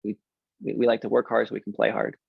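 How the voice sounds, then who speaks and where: A man's voice: fairly low pitch, little pitch movement, fast, vocal fry, breathy edge, no room sound, highs cut off. A man in his forties, an interview guest, candidly telling a self-deprecating personal story in a casual way. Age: 40s.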